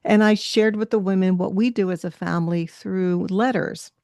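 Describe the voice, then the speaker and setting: A woman's voice: medium pitch, fairly even intonation, normal speed, a little mellow, no echo, studio quality. A woman hosting a podcast interview, talking in an effusive, encouraging way and sharing a personal story. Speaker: podcast host.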